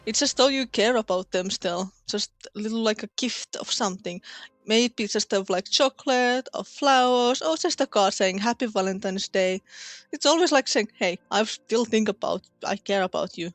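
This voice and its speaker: A woman guest in a casual chat, speaking softly and thoughtfully with some hesitation. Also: medium pitch, normal speed, dry recording, faint music behind.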